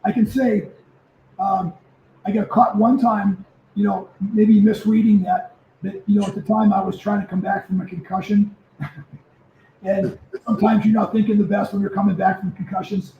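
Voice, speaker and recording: A man in his seventies, a former football player, telling stories as a guest in a casual interview, lively and prone to repeating himself. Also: high voice, moderate pace, slight background noise. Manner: animated storyteller who repeats words. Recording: echoey, muffled remote audio.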